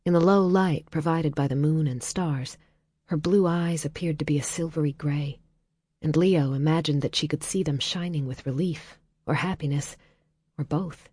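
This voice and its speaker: Low voiced woman reading an audiobook, calm and measured, dry close sound. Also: breathy edge, no echo. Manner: calm, measured, drops to a near whisper in tender passages. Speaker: audiobook narrator. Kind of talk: scripted narration.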